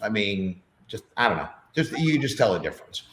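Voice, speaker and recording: Podcast guest: middle-aged man, low voice, chatty and rambling, room echo. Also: sing-song, brisk, a bit bright, slight background noise. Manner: rambling, chatty, many fillers. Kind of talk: casual chat. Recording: roomy echo.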